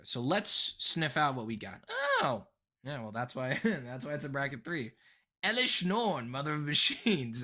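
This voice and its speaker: Young male streamer, excitable and rambling, bright pushy tone, pitched a bit high. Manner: excitable, swearing, rambling with restarts and laughs. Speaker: streamer reviewing viewer decks. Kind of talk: casual live stream chat. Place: his bedroom.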